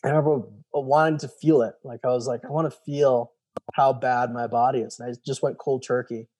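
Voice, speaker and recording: A man in his thirties tells his story in a casual interview. His voice is mellow and warm, and he acts out the people he quotes. He swears casually as he talks. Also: medium pitch, steady tone, fairly quick. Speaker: guest, former special operations soldier.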